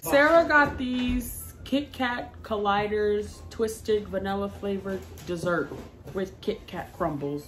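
A woman vlogger with a medium-pitched, slow voice chats casually through a grocery haul, laughing easily and drawing out product names. She's recorded in an echoey room with some noise.

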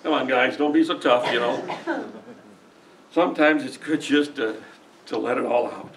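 A man's voice: mid-range voice, lively intonation, a little slow, fairly bright tone, slight background noise. Middle-aged male pastor, earnest emotional folksy sermon delivery, mid-range voice, miked from a distance. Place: church sanctuary.

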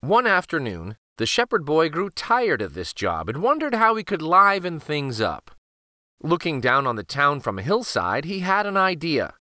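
A man reading a fable aloud for children, expressive and animated. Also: on the high side, normal speed, no room sound, clean studio sound. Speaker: children's storyteller. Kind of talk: read-aloud for kids.

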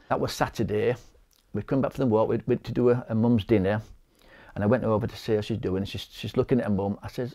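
A middle-aged man with a Yorkshire accent giving a halting personal testimony, often repeating words and acting out what people said. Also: medium pitch, warm tone. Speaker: interviewee, bereaved husband.

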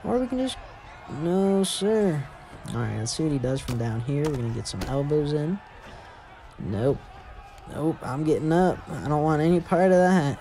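A man hosting a gaming channel, giving casual, excitable commentary while he plays a fighting game and exclaiming at big moments. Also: on the high side, moderate pace, slight background noise. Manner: excitable, laughs and exclaims during play. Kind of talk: casual let's-play commentary.

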